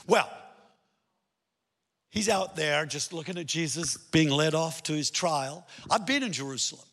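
A male pastor preaching a sermon in an animated way, swinging between emphatic points and hushed storytelling. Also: fairly high pitch, husky. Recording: long hall reverb.

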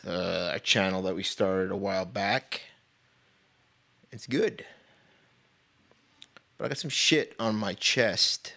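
A man with a very low voice and a gravelly, creaky edge rants on his own podcast. He talks bluntly and profanely, with a sarcastic bite and laughs between his points. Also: pushed and bright. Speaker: podcast host. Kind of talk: casual podcast rant.

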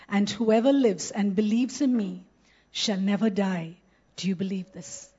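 A woman giving a sermon, reading scripture and slowing down to stress key words. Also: medium pitch, warm tone, husky. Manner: earnest, slows down to stress scripture. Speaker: preacher. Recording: slightly muffled, lo-fi.

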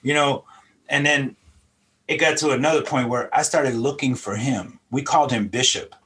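A man's voice: mid-range voice, normal speed, a bit bright. A middle-aged man from Philadelphia tells his life story as an interview guest, with a voice in the middle range. He speaks earnestly and reflectively and often repeats a word while finding his thoughts. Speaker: interview guest sharing testimony. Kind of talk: personal testimony.

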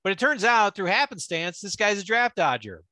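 A young man with a bright, tense voice riffs through a film recap in casual podcast chat. His delivery is animated and full of restarts, and his pitch swings widely. The recording sounds close and dry. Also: moderate pace, no echo. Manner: animated, riffing with frequent restarts. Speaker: podcast co-host.

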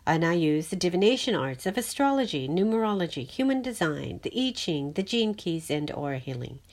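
A woman's voice: fairly low pitch, big pitch swings, fairly quick. A woman astrologer giving a spiritual forecast and leading a guided meditation in a soothing, melodic way.

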